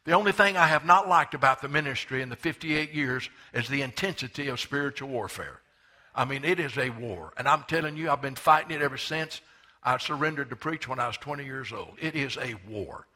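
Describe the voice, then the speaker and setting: A man in his seventies preaching a sermon as pastor, emphatic and slowing down to stress the scripture he reads. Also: mid-range voice, expressive, bright, forceful tone. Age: 70s.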